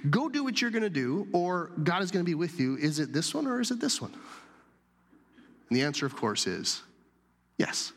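A man preaching a sermon as pastor, animated and then dropping to soft whispers for emphasis. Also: high voice, moderate pace, long pauses, big-room sound.

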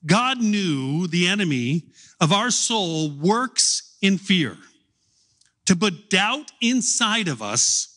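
A middle-aged man preaching a sermon, telling stories slowly with long pauses. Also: sits high, a bit bright. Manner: slow storytelling with long pauses.

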